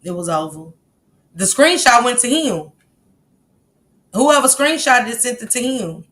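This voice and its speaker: A woman's voice: on the high side, big pitch swings, measured pace, a bit bright. A woman hosting a casual livestream, reading the chat aloud and bluntly scolding commenters. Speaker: livestream host.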